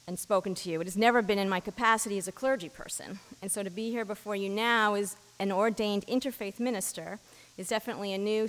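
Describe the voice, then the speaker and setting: A woman giving a sermon as an interfaith minister, reading a story in a measured storytelling voice, in a church. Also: medium pitch, a bit bright, in a large hall, rough recording. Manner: measured storytelling, giving the blind men brief quoted lines. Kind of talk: sermon with a story read aloud.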